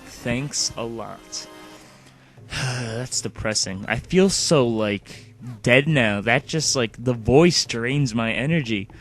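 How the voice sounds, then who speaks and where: A man's voice: mid-range voice, slow pace, soft background music. A man giving casual, rambling gameplay commentary as a let's play host, often dropping "like" as a filler. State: sleepy.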